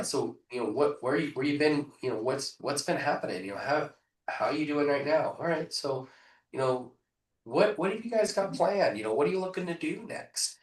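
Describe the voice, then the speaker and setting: A man coaching real estate agents in a live training, punchy and energetic, often asking rhetorical questions over a video call. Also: fairly high pitch. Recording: echoey room, voice far from mic.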